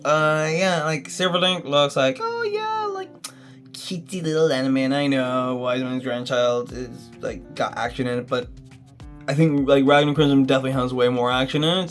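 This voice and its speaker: A man's voice: medium pitch, fairly even intonation, normal speed, soft background music. A man reviewing a manga in a casual, enthusiastic video, chatty and full of fillers.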